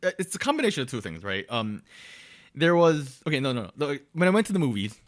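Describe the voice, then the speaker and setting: A young man on a podcast tells a long, rambling story with a lively, swooping voice. He stops to restart his sentences and acts out what other people said. He is recorded close to the mic in a dry, dead room. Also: mid-range voice, fast, no echo. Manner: animated, many fillers and restarts, acts out quotes. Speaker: podcast co-host. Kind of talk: casual storytelling chat.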